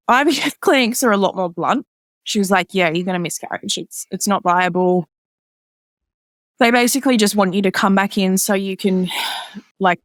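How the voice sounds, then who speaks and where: Her voice a bit bright, a woman guest on a podcast casually tells a personal story, saying "like" often and performing others' lines in a higher voice. The studio-quality recording has no echo.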